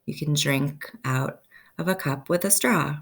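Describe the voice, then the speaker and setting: A woman teaching a first-grade phonics lesson, slowly stretching out each sound so children can say the words with her. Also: low-pitched, vocal fry, a bit bright, husky.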